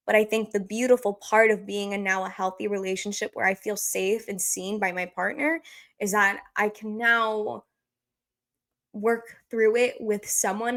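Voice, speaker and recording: A woman's voice: medium pitch, gravelly, a bit bright. Podcast host, woman in her twenties, earnest and open, heartfelt casual chat.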